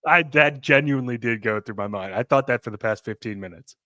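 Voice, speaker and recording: Bright-voiced joking podcast man. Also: medium pitch, a little fast, no room sound, clean studio sound. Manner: joking, laid-back, swears. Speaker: podcast co-host. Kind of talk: casual banter.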